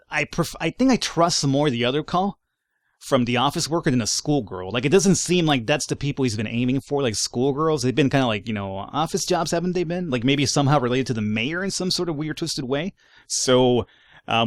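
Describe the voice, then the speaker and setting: Sarcastic man with lively commentary. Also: mid-range voice, normal speed, no echo, studio quality. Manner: reads in-game reports aloud, wry and sarcastic asides, swears casually. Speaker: let's play gamer. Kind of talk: casual gameplay commentary.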